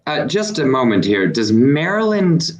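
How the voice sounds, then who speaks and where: A man moderating a panel discussion, asking measured questions with some hesitation. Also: medium pitch, sing-song, a little hiss or hum, rough recording.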